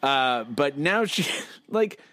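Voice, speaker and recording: Guy on a podcast walking through comic panels, laughs a lot, slow, dry mic. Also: mid-range voice, big pitch swings, sharp tone, no echo. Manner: laughing often, describing panels in detail. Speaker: podcast co-host. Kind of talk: casual chat reading a comic strip aloud.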